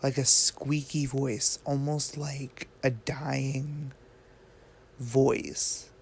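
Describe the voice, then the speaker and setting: There's slight background noise as a gaming video creator talks very slowly in a medium-pitched, level tone. He casually rambles about a video game theory, thinking aloud and often restarting and adding fillers.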